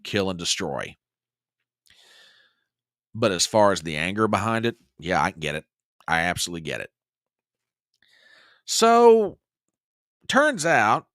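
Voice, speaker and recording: A man hosting a casual political commentary show, talking to his listeners in a folksy, animated way. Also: low voice, no room sound, studio quality. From United States. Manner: animated, folksy, talks to the audience as "y'all". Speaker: podcast host.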